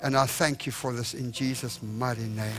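A man's voice: medium pitch, steady tone, moderate pace, fairly bright tone, soft background music. A young man preaching a revival sermon in a church, telling a story and acting out the voices in it. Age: young adult. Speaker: evangelist. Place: church sanctuary.

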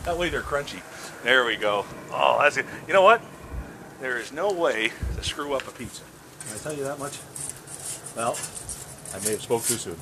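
A man's voice: mid-range voice, lively intonation, normal speed, long pauses, sharp tone, slight background noise. A middle-aged man hosting a casual grilling demo outdoors, chatty and self-mocking as he cooks. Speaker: grilling show host.

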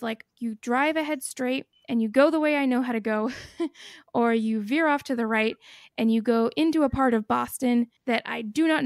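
A woman hosting a podcast, telling a story in an animated, casual way, swearing freely and laughing as she goes. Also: a little high, creaky, no room sound, clean studio sound. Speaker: podcast host.

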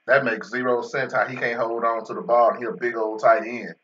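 A man's voice: mid-range voice, fairly even intonation, brisk, a bit bright, far from the mic, muffled recording. A man giving casual, joking commentary over a football video game as host, bantering about getting paid. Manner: joking banter with an unseen in-game agent, AAVE-flavored casual speech.

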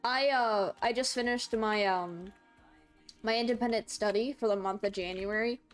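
A woman's voice: on the high side, normal speed, smooth, faint music behind. A young woman in college streaming a game, chatting casually, laughing and answering viewers. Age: young adult. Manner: chatty, laughs a lot, reads chat aloud. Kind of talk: casual gaming stream chat.

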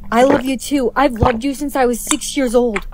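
High synthetic woman's voice, noisy. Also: fairly even intonation, normal speed. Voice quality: synthetic, evenly paced computer voice. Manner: reads every character's lines in the same voice. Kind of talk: text-to-speech story narration.

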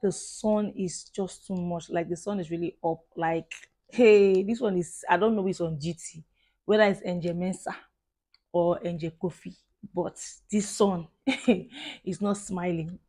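A Nigerian vlogger in her thirties talks to her viewers in a chatty, effusive way, sprinkling in lots of "like" and "guys." Her voice is on the low side and dark, and she speaks a little slowly with a Nigerian accent.

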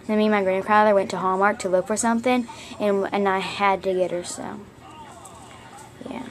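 A woman's voice: mid-range voice, steady tone, normal speed. A girl showing her toy collection in a casual vlog from her bedroom, chatty and gushing, rambling with fillers. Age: child. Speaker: vlogger showing her plush toys. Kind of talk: casual show-and-tell vlog.

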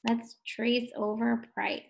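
A woman teaching a first grade phonics lesson for distance learning, sounding out words slowly and encouraging young children. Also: on the high side, flat delivery, vocal fry. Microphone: distance-learning video recording.

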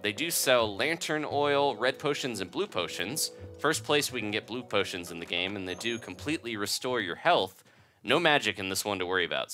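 Male gameplay host, casual jokey commentary, lowish voice with lively ups and downs, faint game music. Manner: chatty, jokey, laughs easily.

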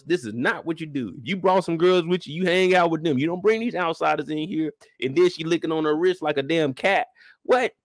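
High-voiced blunt ranting man. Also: no echo, clean studio sound. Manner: blunt, profane, animated, acts out scenes. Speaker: show reviewer. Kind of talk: ranting show commentary.

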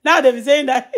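On a live stream, a high-voiced woman in her thirties talks informally with her audience in a Nigerian Yoruba accent. Laughter comes often, and she reads the incoming comments aloud.

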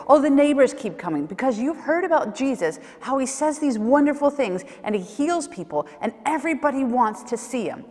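A woman giving a sermon, telling Bible stories vividly and acting out the questions people asked. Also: a little high. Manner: vivid storytelling, acts out questions and scenes. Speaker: preacher. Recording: reverberant church hall.

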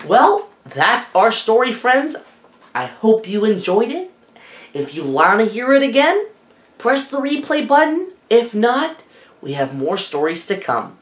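Animated woman reading a children's story. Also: mid-range voice, unhurried. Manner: animated, asks listeners questions. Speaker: teacher reading aloud. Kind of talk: children's storybook read-aloud. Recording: echoey room.

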